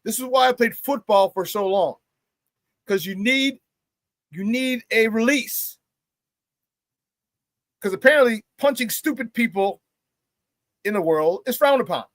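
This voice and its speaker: A man hosts a sports talk show, telling a story in a loose, animated rant. His voice sits fairly high for a man, and he uses quick voice changes when he quotes people. The sound is dry and close, with no room echo. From Chicago area. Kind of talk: casual rant on a live show.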